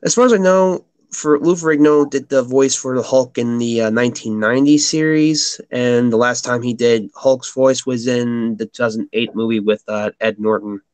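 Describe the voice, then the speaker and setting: A man's voice: medium pitch, moderate pace, hardly any pauses, darkish tone, clear, resonant tone, no room sound. A man co-hosting a live drawing stream, chatting casually and joking, laughing often.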